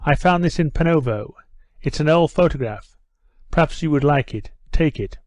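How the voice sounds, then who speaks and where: A man reading aloud who voices an earnest, steady gentleman in his own voice. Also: on the high side, normal speed, no room sound, close to an everyday voice. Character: earnest gentleman, troubled, determined.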